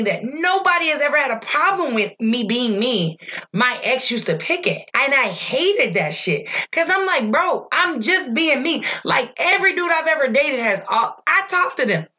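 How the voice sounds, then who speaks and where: A woman in candid casual conversation, blunt and profane, telling stories in an animated way. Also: fairly high pitch.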